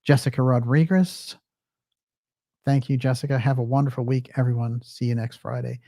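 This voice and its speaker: A man's voice: mid-range voice, steady tone, normal speed, dark tone, dry recording. Chatty man with a dry, close sound. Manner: chatty, reads viewer comments aloud with frequent fillers. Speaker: livestream host. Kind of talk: casual livestream sign-off.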